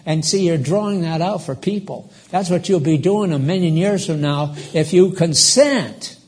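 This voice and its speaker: A man's voice: on the high side, normal speed, a little mellow. An older man preaching a live sermon, emphatic and rambling, stopping to quiz his congregation.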